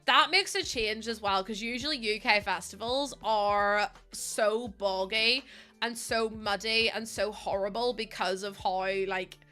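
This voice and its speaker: A woman's voice: mid-range voice, measured pace, sharp tone, soft background music. A young woman chatting casually to her live chat as a streamer, laughing often and filling with "like". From United Kingdom.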